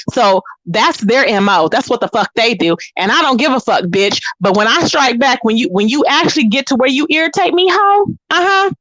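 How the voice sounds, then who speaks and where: Woman on a livestream going off on people, high voice, cussing nonstop, sassy, dry close sound. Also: fairly bright tone, dry recording. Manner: profane, combative, scornful trash talk; drawn-out sassy asides to viewers. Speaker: livestream host. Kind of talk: ranting livestream commentary.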